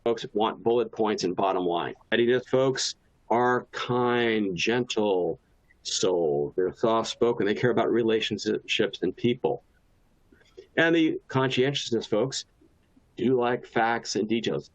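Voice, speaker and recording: A man gives a relaxed professional training talk, restarting sentences and sprinkling in personal anecdotes. His voice sits on the low side. The recording sounds dull and lo-fi, like a webinar capture. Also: measured pace. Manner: casual, anecdotal, frequent restarts and filler. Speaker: presenter.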